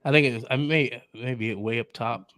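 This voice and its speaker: A man's voice: mid-range voice, normal speed, fairly bright tone, no echo, studio quality. A man hosting a livestream over a video call, joking and laughing often as he keeps the chat going. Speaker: livestream host.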